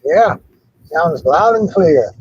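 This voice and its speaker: A man's voice: fairly high pitch, lively intonation, slow pace, a little mellow, dull audio. A middle-aged man hosting a livestream from his car on his phone, swearing and telling stories casually. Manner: gruff, swearing, storytelling. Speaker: livestream host. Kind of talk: casual chat while driving.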